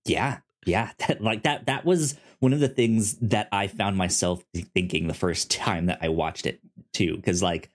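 A man co-hosting a podcast in casual chat, animated, stumbling and repeating the starts of words. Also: a little slow. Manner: animated, stammers on word starts; acts out quotes in a high voice. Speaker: podcast co-host.

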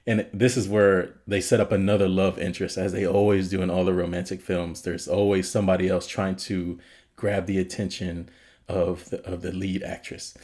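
A man's voice: low voice, darkish tone. A man co-hosting a podcast, casually retelling a film's scenes and laughing often. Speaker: podcast co-host. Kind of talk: casual film review chat.

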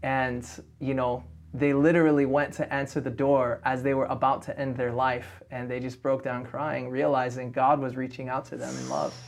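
A man co-hosting a casual chat, speaking earnestly and reflectively, often answering with a soft "mm". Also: medium pitch, moderate pace, slight background noise. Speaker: co-host.

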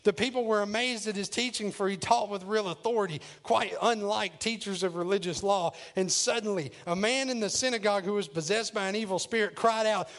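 A male pastor preaching a sermon, retelling scripture in plain words and dropping to a low, quiet voice for emphasis. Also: fairly quick, hardly any pauses. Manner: paraphrases scripture in plain modern speech.

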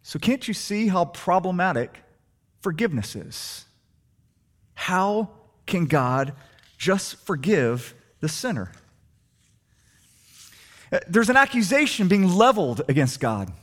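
A man preaching a sermon, asking the congregation rhetorical questions and swinging between soft and emphatic delivery. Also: high voice, takes it slowly, pauses often. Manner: animated, rhetorical questions, shifting loud and soft. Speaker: pastor.

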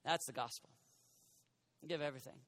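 A man preaching an energetic youth sermon, animated and jokey, acting out quoted voices and sometimes shouting. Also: mid-range voice, normal speed. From United States. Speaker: youth minister.

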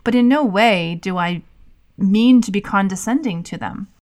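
A woman's voice: medium pitch, measured pace, a little mellow. A woman co-hosting a podcast, talking in a casual, thoughtful way that often trails off and restarts. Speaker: podcast co-host. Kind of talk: casual conversational podcast chat.

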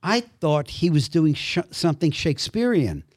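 Animated man. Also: on the high side, moderate pace, no room sound, studio quality. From Brooklyn, New York. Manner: animated storyteller who acts out the other people's voices. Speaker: podcast guest, actor. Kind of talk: storytelling conversation.

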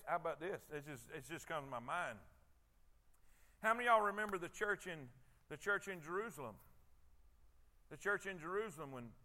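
A man preaches a conversational sermon, often doubling back on his words. His voice sits very high and sounds bright and forceful. He keeps turning to the congregation to check that they are following. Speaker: pastor.

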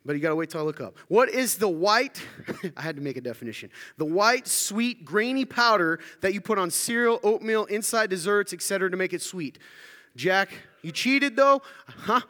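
High-pitched and animated, this man from the American South moves at a moderate pace with a bright, forceful tone. He's giving an interactive sermon, teasing and quizzing the congregation while a long hall reverb trails his words.

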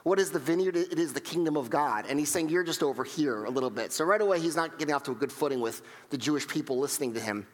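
A man preaching a sermon, telling stories in an animated way and acting out what people said, often repeating and restarting his words. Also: on the high side, quick pace, few pauses, in a large hall. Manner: animated storytelling with acted-out quotes; frequent repetitions and restarts. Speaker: pastor.

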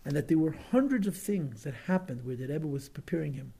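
A man's voice: on the high side, animated, brisk, vocal fry, warm tone, husky. A man teaching through a story, dramatic and emotional, often repeating words and acting out quotes with feeling. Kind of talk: storytelling lesson.

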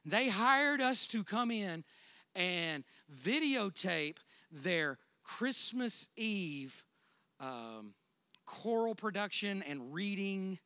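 A man preaching a sermon, swinging between loud, drawn-out emphatic declarations and quiet, conversational storytelling. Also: sits high, lively intonation, clean tone, no echo. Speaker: pastor.

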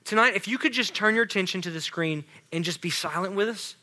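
A man preaching a casual, animated sermon to a youth group. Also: high voice, fast. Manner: casual, animated, talks to students with "y'all". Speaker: youth pastor.

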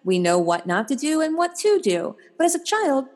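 A woman guest on a podcast interview, a life coach who tells stories with animation and acts out the voices in them. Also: moderate pace. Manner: animated storyteller, acts out voices with big pitch jumps.

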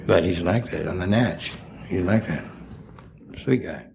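A man's voice: medium pitch, lively intonation, measured pace, pauses often, darkish tone, slightly rough. An older man, an actor, telling rambling anecdotes in a chat and slipping into voices for the people in them. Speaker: actor guest. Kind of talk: storytelling chat.

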